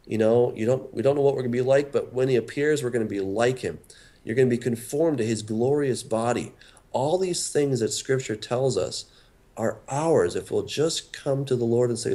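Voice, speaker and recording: A man's voice: mid-range voice, moderate pace, warm tone. A man, a pastor and author, talking earnestly as a radio interview guest, often repeating words as he starts a thought.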